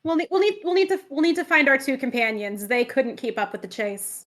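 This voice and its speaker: A woman's voice: high-pitched, sing-song, brisk, fairly bright tone. A woman playing in a tabletop game, speaking theatrically with repeated endearments. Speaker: player.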